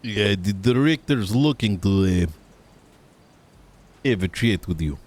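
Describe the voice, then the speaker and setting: A man's voice: on the low side, expressive, a little slow, darkish tone. A man streaming a role-play game, bantering and giving orders in character. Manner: bantering, laughing, bossy in character.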